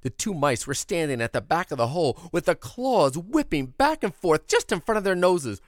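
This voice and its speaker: A man telling a folksy childhood tale in an animated, expressive way. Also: on the high side, normal speed, dry recording, studio quality. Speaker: storyteller. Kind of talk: oral storytelling of a childhood tale.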